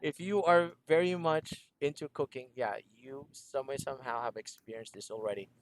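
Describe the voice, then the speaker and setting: A man's voice: mid-range voice, moderate pace. A man teaching a one-on-one English lesson over a video call, patiently repeating instructions and laughing often. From Philippines.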